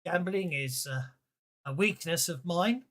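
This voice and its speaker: A man narrating a tabletop game as game master, chatty and halting, with many fillers. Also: fairly high pitch, a bit bright.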